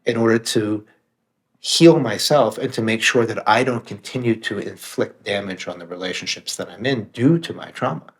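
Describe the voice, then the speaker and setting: Here the meditation teacher and author sits on the low side of the range and keeps a moderate pace. As a podcast guest in an open conversation, he stays earnest and reflective, with the odd swear for emphasis.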